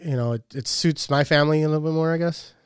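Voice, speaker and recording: A man's voice: fairly high pitch, fast talker, clean tone, dry recording, clean studio sound. A man in his thirties chatting casually as a podcast co-host, laid-back, swearing a lot and laughing often. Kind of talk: casual chat.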